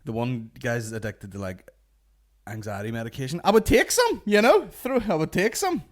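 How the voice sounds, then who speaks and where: A man's voice: mid-range voice, lively intonation, normal speed. A man with a Northern Irish accent hosting a comedy podcast from his garage, rambling and swearing as he jokes. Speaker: podcast host. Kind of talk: crude comedy banter. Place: warm home garage.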